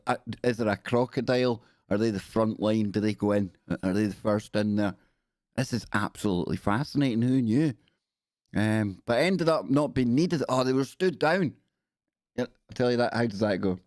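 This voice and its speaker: A man's voice: mid-range voice, no echo, clean studio sound. A man hosting a livestream show, giving comic commentary on news stories with joking, rambling asides.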